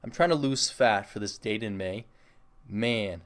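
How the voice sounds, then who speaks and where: A man's voice: fairly low pitch, measured pace. A young man hosting a solo podcast, chatting casually in a rambling, self-mocking, jokey way. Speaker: podcast host.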